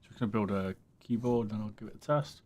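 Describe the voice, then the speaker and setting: A man streaming a keyboard build in a casual, relaxed way, muttering asides to himself and chatting to his cat between steps. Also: lowish voice, fast. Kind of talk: casual livestream chat while building a keyboard.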